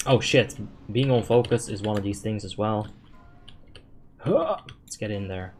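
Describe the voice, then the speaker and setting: A man streaming a game live, answering chat questions in a relaxed, talkative way and swearing now and then when a play goes wrong. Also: lowish voice, a little slow, a little hiss or hum. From Netherlands. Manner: relaxed, chatty, thinks out loud, swears when frustrated.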